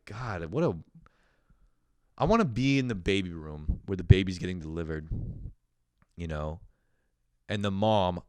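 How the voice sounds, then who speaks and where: A man's voice: fairly low pitch, no echo, studio quality. A young man in his twenties, a podcast host telling a rambling story and ranting with constant swearing and laughter. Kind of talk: profane comedic rant.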